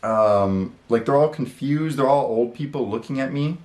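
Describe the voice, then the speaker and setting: A man's voice: medium pitch, normal speed, darkish tone. Rambling man in a roomy echo. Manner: rambling, with many fillers and casual swearing. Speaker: channel host. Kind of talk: casual storytelling. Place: his room.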